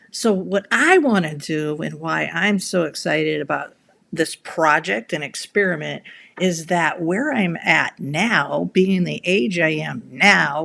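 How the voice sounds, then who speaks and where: A woman's voice: deep voice, vocal fry, a bit bright. A middle-aged woman in a casual live video, talking in a chatty, rambling way with lots of restarts and fillers. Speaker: content creator. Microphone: camera mic.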